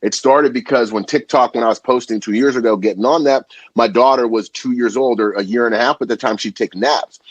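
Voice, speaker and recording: A young adult man, a food content creator guesting on a podcast, talking in an animated, slangy way with casual swearing. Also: mid-range voice, a little fast, hardly any pauses, no echo. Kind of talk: casual chat.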